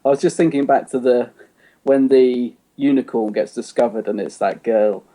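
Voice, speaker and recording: A man's voice: medium pitch, moderate pace, mellow. A man co-hosting a podcast, chatting casually about an episode, rambling with lots of "you know" and restarts. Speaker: podcast co-host. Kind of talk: casual chat reviewing an episode.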